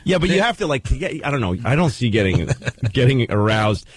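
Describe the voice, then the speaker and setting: A man's voice: medium pitch, sing-song, brisk, husky, dry recording. A man guesting on a radio show as a comedian, rambling and hesitant. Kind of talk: casual radio banter.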